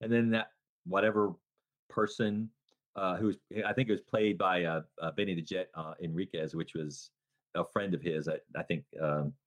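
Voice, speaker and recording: A man co-hosting a casual movie podcast, retelling scenes in a rambling way and acting out the characters' lines. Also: moderate pace. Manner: animated storytelling, acts out scenes in a loud high voice; rambling with many restarts and fillers. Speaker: podcast co-host.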